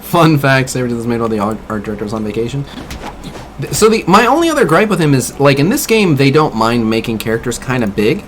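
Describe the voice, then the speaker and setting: Very animated and fast, this medium-pitched streamer talks over slight background noise as he plays a mobile game. He rattles off casual commentary, mildly criticizes what he sees and reacts to his chat.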